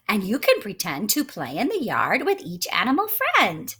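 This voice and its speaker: Wildly lively woman reading to children. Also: mid-range voice, moderate pace, slightly rough. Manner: animated, coaxing teacher-like storytime voice. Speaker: children's story reader. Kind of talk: reading a picture book aloud to children.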